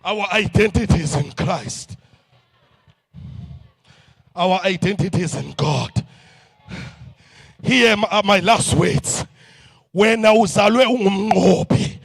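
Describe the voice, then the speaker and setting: A man's voice: high-pitched, slow, gravelly, long pauses, fairly bright tone, husky, no room sound. A South African man preaching an impassioned sermon at a youth event, mixing in Zulu, with rallying repeated calls.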